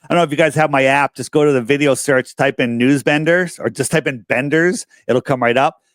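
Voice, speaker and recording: Animated man telling stories on a podcast. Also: mid-range voice, fairly quick, no room sound. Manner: animated storyteller, acts out quoted dialogue. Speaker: podcast guest. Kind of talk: casual podcast conversation.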